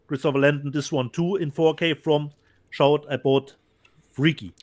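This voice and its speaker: Halting man co-hosting. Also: fairly high pitch, fairly even intonation, darkish tone. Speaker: co-host. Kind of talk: casual chat about disc releases.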